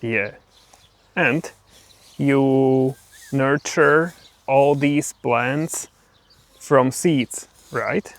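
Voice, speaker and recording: A man's voice: mid-range voice, extremely slow, gravelly, long pauses. A cheerful man co-hosting a homesteading vlog, chatting casually outdoors in a garden and laughing often. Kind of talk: casual chat.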